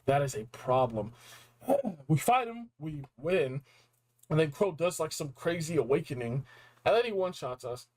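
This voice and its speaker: A young man with a fairly high voice recaps a video game story. He is excited and casual, with lots of slang and acted-out reactions. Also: normal speed, rough recording. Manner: animated, slangy, acts out reactions. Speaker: game reviewer.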